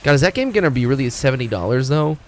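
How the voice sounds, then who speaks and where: A man chatting casually on a live stream, ranting loudly with constant swearing and jumping between topics. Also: medium pitch, racing, a little hiss or hum. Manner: profane ranting, animated.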